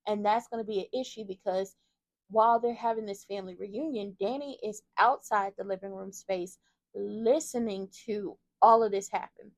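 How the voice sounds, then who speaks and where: A woman with a mid-pitched voice runs through a soap episode in a sassy, animated commentary, talking straight to her viewers. Her voice is recorded close and dry, with no room sound around it. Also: normal speed, no room sound. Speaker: soap opera recap host. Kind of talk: casual commentary recap.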